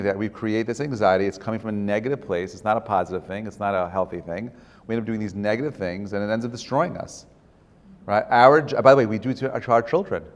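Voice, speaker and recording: A rabbi with a fairly low voice teaches a class in casual, chatty speech, full of fillers and quick asides. His voice hangs in a long reverb, as in a lecture hall. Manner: conversational, many fillers and tag questions. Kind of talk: informal lecture with storytelling.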